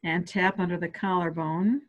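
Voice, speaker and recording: A woman calmly guiding listeners step by step through a stress relief tapping exercise on a video call. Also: lowish voice, normal speed, lo-fi sound. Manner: calm step-by-step coaching. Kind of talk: guided tapping exercise instruction. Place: home office on a webinar.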